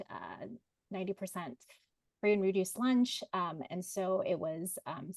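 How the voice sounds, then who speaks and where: A woman's voice: fairly low pitch, darkish tone, no echo. A woman in her forties, a literacy coach, introducing herself on a panel in a chatty way with many fillers and self-corrections.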